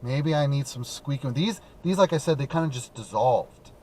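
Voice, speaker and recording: A man's voice: medium pitch, animated, moderate pace, warm tone, slight background noise. A man from the American Midwest hosting a call-in talk show from his car, chatting casually and rambling with lots of fillers and restarts. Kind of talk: casual live-stream chat. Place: in a car while driving.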